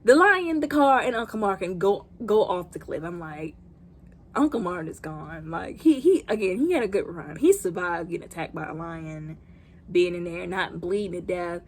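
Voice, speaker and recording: A woman, recapping a movie in a chatty, animated way, often exclaiming. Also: on the low side, moderate pace. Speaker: movie reviewer.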